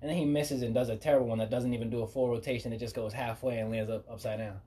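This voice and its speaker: Mellow-voiced man hosting a casual podcast. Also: mid-range voice, rapid-fire. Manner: animated, profane storytelling. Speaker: podcast host.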